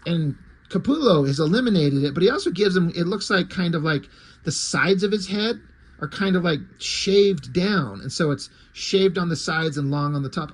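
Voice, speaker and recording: A man's voice: a little high, husky. A man casually recapping and reviewing a comic book, sarcastic and swearing freely. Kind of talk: casual chat.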